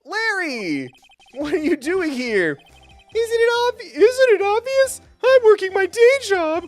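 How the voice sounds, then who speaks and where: A man voicing a goofy, excitable young slacker with a squeaky manner. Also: slow, soft background music, heavily acted. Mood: excited. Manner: squeaky, overexcited.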